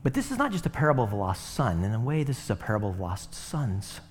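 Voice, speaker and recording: A man's voice: on the low side, very animated, quick pace, slight background noise. A man preaching a sermon in a conversational way, with rhetorical asides to the congregation. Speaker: pastor.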